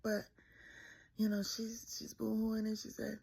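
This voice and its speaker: Young woman, frank storyteller, husky voice, slow delivery. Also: on the high side, completely flat delivery, mellow. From Mississippi, US. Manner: candid, emphatic, profane storytelling. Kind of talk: personal storytelling.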